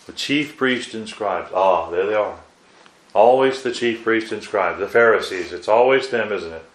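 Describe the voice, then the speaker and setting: Preacher with a roomy, echoey sound. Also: male voice, fairly low pitch, moderate pace. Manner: asks the listeners rhetorical questions; exclaims "wow" between points. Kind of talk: Bible sermon.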